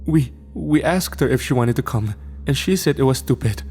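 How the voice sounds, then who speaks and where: A man's voice: mid-range voice, expressive, normal speed, a little mellow, a little hiss or hum, voice pushed up, lightly acted. A man voicing a nervous teenage girl who hesitates and stumbles over her words, in a spoken horror story. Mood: evasive.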